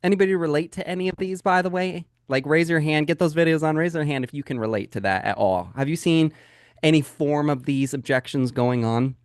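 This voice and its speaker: A man coaching a live training call on a video call, energetic and emphatic as he talks straight to his audience. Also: a little high, fairly quick, smooth, dry recording, clean studio sound. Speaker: real estate sales coach.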